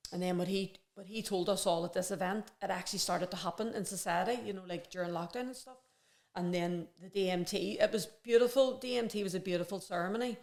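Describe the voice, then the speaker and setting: A woman's voice: mid-range voice, a little mellow. Woman, podcast guest, earnest rambling chat, reflective. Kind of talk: casual conversation.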